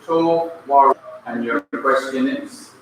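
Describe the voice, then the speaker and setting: Male instructor from Jamaica, deliberate lecture pace, faint background hiss. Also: medium pitch. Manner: slow, patient, repeats key points. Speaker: Bible language teacher. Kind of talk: classroom lecture. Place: classroom. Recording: echoey classroom, mic at a distance.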